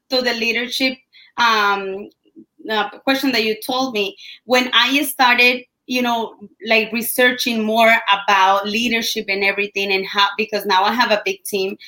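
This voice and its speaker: A woman's voice: a little high, sharp tone. A young woman from Colombia with a Colombian Spanish accent, a guest chatting in an interview, with many restarts. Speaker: guest, business owner. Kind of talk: casual interview conversation.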